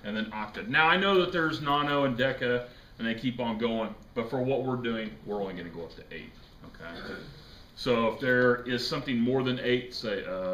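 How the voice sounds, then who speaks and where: A man's voice: mid-range voice, normal speed, sharp tone. A man teaching a chemistry class, lecturing casually, joking and quizzing his students. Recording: echoey classroom with faint noise.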